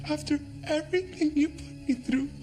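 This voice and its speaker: A woman's voice: high-pitched, moderate pace, dark tone, natural voice. An actress in a TV drama playing a shaken woman who accuses a man of lying. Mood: accusing. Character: shaken woman confronting a liar. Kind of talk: TV drama acting. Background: music score.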